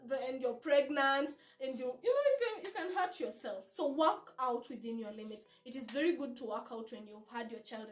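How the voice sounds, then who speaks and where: A woman's voice: sits high, a little mellow. A woman hosting a support group talk, giving earnest, direct advice to new mothers and coaxing them along with tag questions. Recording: echoey room with faint music.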